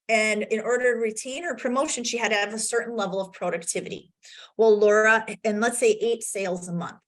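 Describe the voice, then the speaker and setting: A woman coach giving an energetic virtual conference talk, telling client stories and acting out their lines, on a video call. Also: medium pitch. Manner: energetic storytelling, acts out client's quotes.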